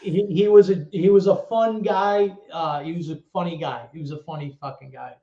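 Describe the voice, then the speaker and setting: A man with a New York accent, a former club DJ telling stories as an interview guest, animated and swearing freely. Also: a little high. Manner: animated, swearing storyteller with quick restarts. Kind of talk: casual storytelling interview. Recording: echoey room, dull lo-fi audio.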